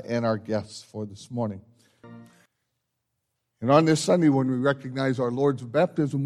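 Lively-voiced pastor leading a liturgy. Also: male voice, mid-range voice. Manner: measured, solemn liturgical delivery with lively rises. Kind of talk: church announcements and liturgy.

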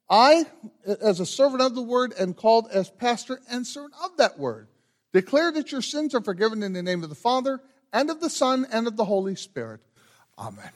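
Lively-voiced pastor leading a service. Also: male voice, high-pitched. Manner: measured, solemn liturgical delivery. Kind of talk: liturgical church service.

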